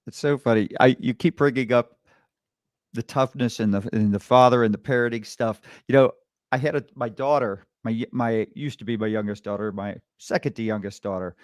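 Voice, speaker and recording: A man's voice: medium pitch, steady tone, fairly quick, no room sound, clean studio sound. A man hosting a podcast, chatting casually and restarting his sentences often. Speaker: podcast host.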